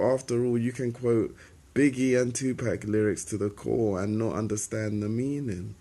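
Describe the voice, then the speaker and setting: A man's voice: mid-range voice, fairly even intonation, moderate pace, warm tone. A young man delivering a sarcastic, confrontational spoken-word monologue straight at his listeners. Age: young adult. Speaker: rapper.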